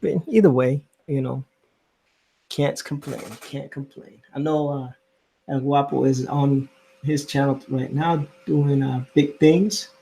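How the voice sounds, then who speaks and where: A man's voice: medium pitch, slow pace, gravelly, breathy edge. A man hosting a casual live stream, chatting easily and greeting viewers while he inks a drawing. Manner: relaxed, chatty, reads out viewer comments. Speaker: streaming host.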